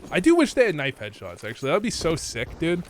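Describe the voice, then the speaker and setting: A man's voice: on the high side, huge pitch swings, fast, a little hiss or hum. A young man from Canada giving casual, rambling commentary while reviewing gameplay, swearing and using lots of fillers. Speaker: gaming content creator. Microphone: desk microphone.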